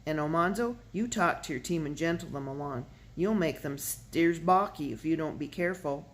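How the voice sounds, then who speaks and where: A reader putting on a practical farmhand in a storybook reading, blunt and to the point. He gives plain instructions in an everyday, middle-pitched voice. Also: animated, normal speed, lightly acted. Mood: firm. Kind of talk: audiobook character reading.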